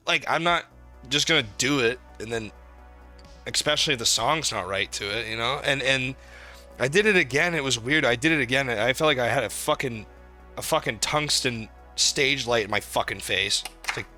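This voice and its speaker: A young man from New England co-hosting a podcast, telling stories animatedly in casual chat and swearing a lot. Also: mid-range voice. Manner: animated storytelling, heavy swearing. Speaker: podcast co-host.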